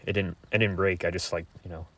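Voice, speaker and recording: A young man talking to his viewers in a crude, rambling monologue, halting with many fillers. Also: deep voice, flat delivery, fairly bright tone.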